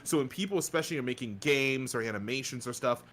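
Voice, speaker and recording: A man's voice: mid-range voice, fast, a bit bright. Blunt, chatty podcast guest man. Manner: blunt, talkative, swears freely. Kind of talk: casual podcast chat.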